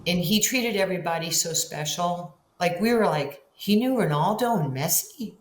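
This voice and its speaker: Animated older New woman, echoey room. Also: normal speed. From Far Rockaway, Queens, New York. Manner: animated, acts out quoted dialogue with big jumps in pitch. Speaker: guest, basketball Hall of Famer. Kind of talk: storytelling in a podcast interview. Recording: echoey room with faint ambient noise.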